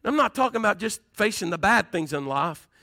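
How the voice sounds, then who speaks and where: Male pastor, fervent sermon, rhetorical questions, sharp bright tone, gravelly edge. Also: sits high, lively intonation, brisk, no room sound.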